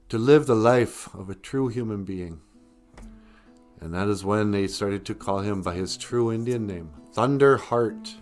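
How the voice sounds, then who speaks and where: A man hosting a podcast, casually retelling a story in a rambling, chuckling way. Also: fairly low pitch. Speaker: podcast host.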